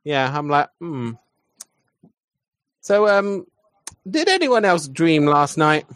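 A man's voice: a little high, big pitch swings, measured pace, a bit bright, clear, resonant tone, no room sound. A man playing a character in an online tabletop game, playful and joking. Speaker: player.

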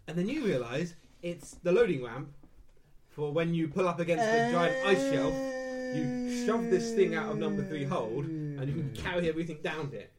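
Brief: male game master, expressive and lively, faint hiss behind. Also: fairly high pitch, normal speed. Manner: chatty, descriptive narration with fillers. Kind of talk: running a tabletop horror game.

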